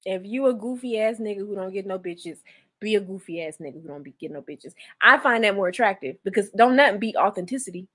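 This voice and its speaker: A young woman co-hosting a casual chat, telling blunt, animated stories full of slang. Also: medium pitch, fast talker, breathy edge. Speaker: podcast co-host. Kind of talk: casual chat reacting to a reality show.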